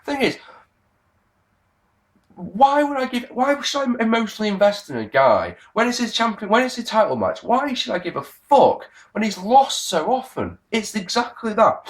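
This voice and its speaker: A man giving a casual, sarcastic review of a wrestling show, swearing often and swinging between grumbling and excited outbursts. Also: mid-range voice. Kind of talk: casual solo review rant.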